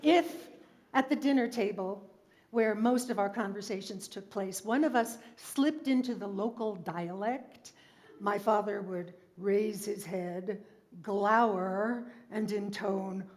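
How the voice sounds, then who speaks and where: A woman from New York City, a singer and cabaret performer, telling a story between show tunes in a measured, articulate way. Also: mid-range voice, darkish tone. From New York City, USA.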